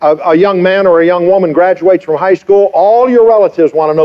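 A man's voice: sits high, brisk, clean tone. A pastor in his fifties preaching a sermon, emphatic, with rhetorical questions and repeated phrases. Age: 50s. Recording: dull lo-fi sermon recording.

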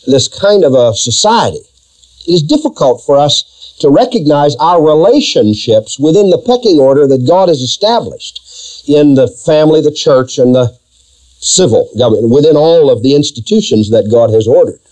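A pastor preaching to his congregation, driving his points home with emphatic rhetorical questions. His voice is a little high yet mellow, and it swings up and down with lively intonation. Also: normal speed, poor audio. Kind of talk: sermon.

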